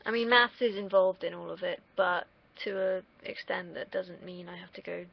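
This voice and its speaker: With a lowish, creaky and husky voice, this young woman from the UK chats in a rambling stream, drifting off topic and cursing now and then at normal speed and in a steady tone. Her stream mic sounds dull and lo-fi.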